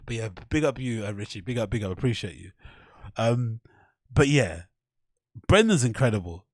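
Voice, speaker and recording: A man rambles through his podcast, swearing freely and laughing at his own mock threats. His voice sits at an ordinary pitch. The sound is close and dry. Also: expressive, moderate pace, no echo. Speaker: podcast host. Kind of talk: casual rambling commentary.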